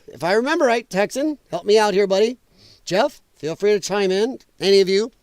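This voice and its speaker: A man's voice: high-pitched, no echo. Blunt man with a cracking voice. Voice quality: voice cracking, strained. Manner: blunt, rambling, greets chat viewers by name. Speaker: livestream host. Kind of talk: casual political livestream chat. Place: home basement.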